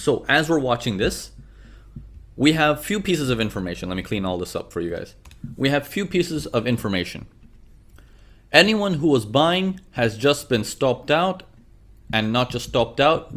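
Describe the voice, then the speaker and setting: A man's voice: medium pitch, a bit bright. A man teaching a trading lesson over a chart, repeating his questions and acting out traders' worries. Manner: repeats questions, acts out traders' inner voices. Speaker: trading instructor. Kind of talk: screen-share trading lesson.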